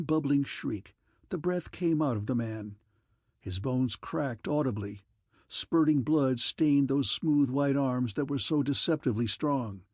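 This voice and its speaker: Gravelly man narrating an audiobook. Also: mid-range voice, a little mellow, dry recording, clean studio sound. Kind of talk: scripted narration.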